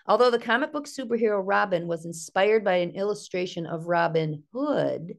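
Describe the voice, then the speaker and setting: A middle-aged woman from Ohio, a naturalist giving an online nature workshop in a chatty, playful way, with a slightly gravelly voice. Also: mid-range voice, lively intonation, moderate pace, few pauses. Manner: chatty, playful, mimics bird calls in sing-song. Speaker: naturalist and art instructor. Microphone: video call.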